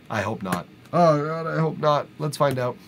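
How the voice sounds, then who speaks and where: A man's voice: fairly high pitch, animated, a little slow, creaky, a bit bright, slight background noise. Blunt man streaming live. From Quebec, Canada. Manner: blunt, candid. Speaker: host reviewing listeners' music. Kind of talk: casual live-stream chat.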